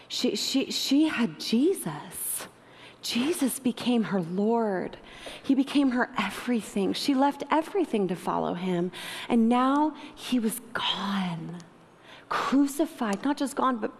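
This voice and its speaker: A woman's voice: medium pitch, a little mellow. Middle aged woman preaching, tells it with feeling, laughs a lot, big echoey hall. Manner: emotive storytelling, laughing often. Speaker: speaker. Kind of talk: sermon. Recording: long hall reverb.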